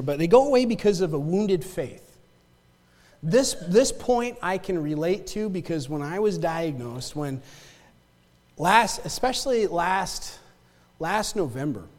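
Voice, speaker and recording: A man's voice: fairly high pitch, a little mellow. A man preaching a sermon in a conversational way, often checking in with the congregation and repeating himself as he talks. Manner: conversational, repeats words, asks the congregation "right?" and "amen?". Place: church sanctuary. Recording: long hall reverb.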